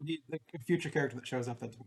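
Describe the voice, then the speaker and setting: A man in his thirties chatting casually as a podcast co-host. His voice sits at a middle pitch, and he gets excitable, swearing freely and slipping into quoted voices. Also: racing. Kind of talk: casual chat.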